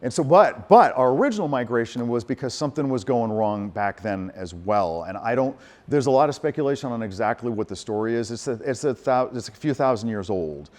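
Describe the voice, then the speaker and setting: A middle-aged man lecturing to an audience, his voice at an ordinary pitch. He tells stories with animated energy and acts out the voices of the people he quotes. He breaks off and restarts often as his thoughts run ahead. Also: brisk, few pauses. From United States. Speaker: composer and lecturer.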